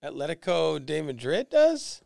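A man's voice: on the high side, very animated, normal speed, vocal fry, warm tone, no echo. A man hosting a live card break, reading out players and teams in casual chat and joking about how names are pronounced. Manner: chatty, joking about name pronunciations.

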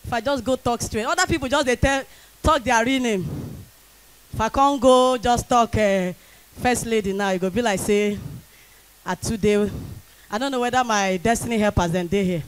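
A young Nigerian woman doing stand-up comedy in Pidgin English, loud and shouting to the crowd in bursts. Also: a little high, normal speed, clear, resonant tone. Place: comedy stage before a live audience.

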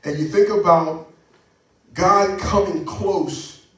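Male pastor, high voice, fervent sermon delivery; echoey sanctuary, distant pickup. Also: slow pace. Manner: fervent preaching with call-and-response from the congregation. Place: church sanctuary. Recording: echoey church sound from a distance.

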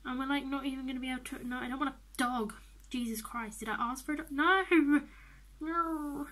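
Excitable high-voiced young woman. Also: quick pace. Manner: chatty, excitable, drops into whispers. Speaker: gaming vlogger. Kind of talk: casual game commentary.

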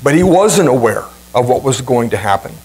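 A male pastor preaching a sermon with emphatic, dramatic repetition and swings in pitch. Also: animated, fairly quick, darkish tone, slightly rough, low-quality recording. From Ohio, USA.

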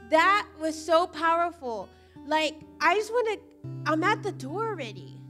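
Woman preaching, high voice, conversational storytelling, faint guitar behind. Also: lively intonation, a little slow, sharp tone. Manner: chatty storytelling, frequent "like". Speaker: church leader. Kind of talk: casual sermon. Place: church service.

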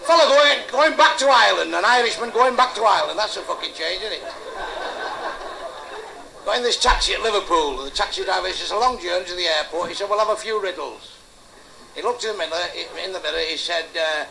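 A man's voice: high-pitched, lively intonation, brisk, creaky, bright, forceful tone. A male stand-up comedian telling crude jokes and heckling the audience in a club. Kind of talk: blue club stand-up routine. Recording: noisy live club recording.

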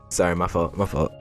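A young man giving casual, joking gameplay commentary to his viewers. He swears freely and bursts into excited yelps. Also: medium pitch. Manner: chatty, talks straight to viewers. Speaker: gaming YouTuber.

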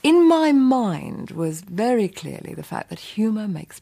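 A woman giving a measured, earnest comment in a documentary interview. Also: mid-range voice, very animated, vocal fry, warm tone. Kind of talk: interview talk.

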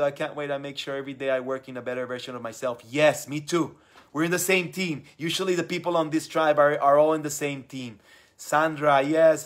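Male live-stream host, young adult, slightly high voice, gushing and upbeat with lots of repeated words. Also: a bit bright. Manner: enthusiastic, effusive, repeats words. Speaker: live stream host reading viewer comments. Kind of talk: casual live stream talk.

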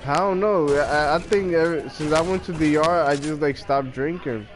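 A man's voice: on the high side, normal speed. A young man with a Massachusetts accent chatting casually while gaming, joking and often stammering over his words. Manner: joking, laughing, stammering restarts. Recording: loud music behind voice.

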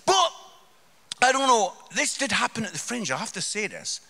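A man in his fifties tells funny stories from the stage with an animated, exclaiming delivery. His voice sits high and swoops widely, with a gravelly edge. The sound carries a long reverb from a church hall. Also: moderate pace. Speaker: guest speaker comedian. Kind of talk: comic storytelling sermon.

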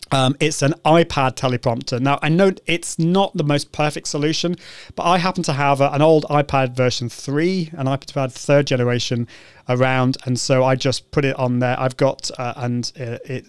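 British male host, chatty and upbeat, smooth clear voice, dry close sound, mid pitch. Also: dry recording. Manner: chatty, upbeat, frequent restarts and ums. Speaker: live show host. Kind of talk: casual live-stream tutorial.

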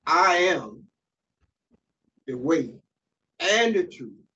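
A man's voice: a little high, very animated, extremely slow, pushed and bright. A man preaching a sermon, reading scripture aloud and stopping often to explain it, with fillers and restarts. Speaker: pastor. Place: church sanctuary. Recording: distant mic, dull sound, faint hiss.

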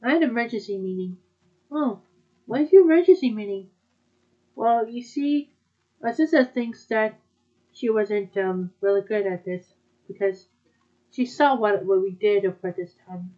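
A woman speaking in a halting way with restarts, in a fan dub of an anime. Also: mid-range voice, mellow, highs cut off.

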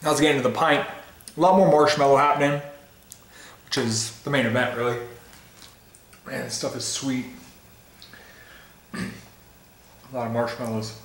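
Upbeat male vlogger, playful and excited, mid-pitched voice, tasting between lines, recorded in an echoey room. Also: normal speed, long pauses. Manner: tasting ice cream while talking. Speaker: food reviewer. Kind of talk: casual vlog review. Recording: roomy echo.

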